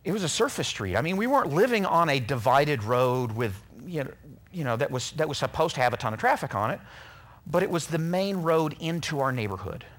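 A man's voice: a little high, a little fast. A middle-aged man preaching a sermon, telling personal stories in an earnest way and acting out what people said. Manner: earnest, animated storyteller who acts out quotes.

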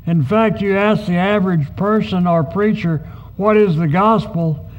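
Measured, high-voiced preaching man. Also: dull audio. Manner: measured, emphatic preaching with quoted asides. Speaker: pastor. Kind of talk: sermon teaching.

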